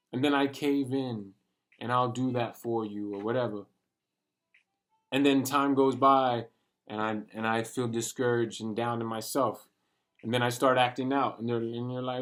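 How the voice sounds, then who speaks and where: Brief: man at a mid-range pitch delivering a heated, cuss-heavy pep talk to camera. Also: steady tone, normal speed. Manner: passionate, profane, street slang. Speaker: vlogger. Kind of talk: casual motivational rant to camera.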